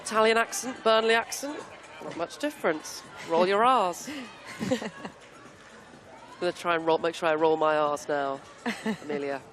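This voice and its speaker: A woman's voice: lowish voice, fairly bright tone. Woman calling live football play-by-play. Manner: brisk, jokey asides. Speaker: play-by-play commentator.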